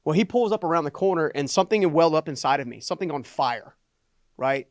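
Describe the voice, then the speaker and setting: A middle-aged man speaks as a podcast guest and tells his own life story with animated energy. He keeps tagging his sentences with "right?". His fairly high voice is recorded dry, with no room echo. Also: quick pace. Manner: animated storyteller who repeats "right?" for emphasis. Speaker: guest, entrepreneur and motivational speaker. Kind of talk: personal storytelling in a podcast interview.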